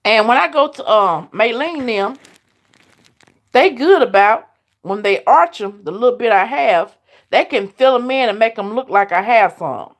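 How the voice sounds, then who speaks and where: A woman's voice: a little high, lively intonation, unhurried. A woman hosting a casual live chat, talking straight to her viewers and laughing often. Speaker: live stream host.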